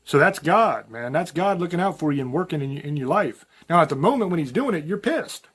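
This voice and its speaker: Folksy man, higher-pitched voice. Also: animated, fairly quick, a bit bright, breathy edge. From rural Virginia mountains. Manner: folksy, rambling, storytelling with self-quoted asides. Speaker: podcast host. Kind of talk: casual spoken monologue.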